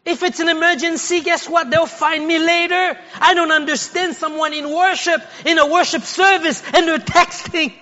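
A man preaching a sermon as a pastor, speaking in a casual, conversational way that builds to shouted exhortation. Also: very high-pitched, steady tone, normal speed, hardly any pauses, in a large hall, dull audio. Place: church sanctuary.

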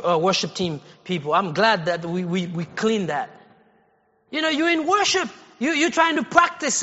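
In a reverberant church sanctuary, a male pastor moves from relaxed, talky preaching to powerful shouting as he exhorts his listeners. His voice is very high, sharp and bright, and the recording itself sounds a bit dull.

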